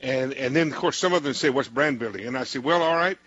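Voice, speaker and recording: A man's voice: medium pitch, fast, fairly bright tone, no room sound, lo-fi sound. A male host interviewing a guest, rambling with many restarts and cutting in. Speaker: show host.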